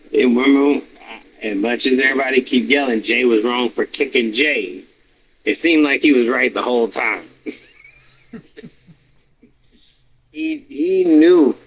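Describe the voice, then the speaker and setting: A man co-hosting a podcast, talking casually and animatedly, swearing a lot and acting out reactions in high yelps. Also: a little slow, long pauses, fairly bright tone. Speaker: podcast co-host. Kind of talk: casual wrestling chat. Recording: slightly dull with faint noise.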